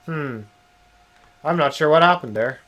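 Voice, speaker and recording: A young man, streaming a game and chatting casually, swearing and yelling at the game. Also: a little high, a little slow. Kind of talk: casual live-stream commentary.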